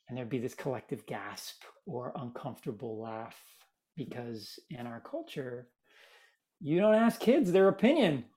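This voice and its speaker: A man from Miami, a guest in an interview, telling stories in a lively, casual way. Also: mid-range voice, moderate pace. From Miami, United States. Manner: animated, acts out quoted voices. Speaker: guest, theater maker.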